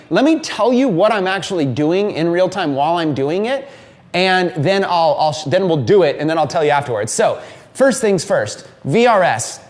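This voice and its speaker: This is a male trainer leading a live marketing session, his voice sitting well above the usual male range. He drives every point with energetic emphasis and fast repetitions, as if pumping up a room of students. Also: high-pitched.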